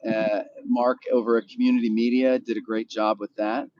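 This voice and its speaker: A man's voice: medium pitch, level tone, moderate pace, darkish tone, muffled recording, a little hiss or hum. A man hosting a live stream from a car, with an easygoing, rambling manner, talking straight to viewers and answering their comments in his morning voice. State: still has his morning voice.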